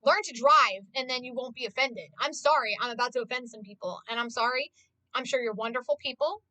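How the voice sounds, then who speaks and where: A woman's voice: on the high side, brisk, sharp tone, no echo, poor audio. A woman streamer chatting casually, ranting with lots of swearing and exasperation.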